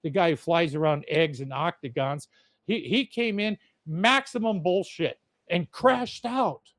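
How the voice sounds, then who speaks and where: Male podcast host, cursing, blunt rambling rant, slightly high voice, dry close sound. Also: measured pace, a bit bright, dry recording. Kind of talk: casual rant.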